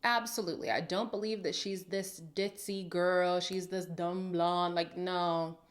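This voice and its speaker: A woman's voice: on the low side, fairly even intonation, unhurried. A woman hosting a reality TV recap who reacts in a sassy, dramatic way, with sighs and sudden whispers. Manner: sassy and opinionated. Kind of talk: casual reaction commentary.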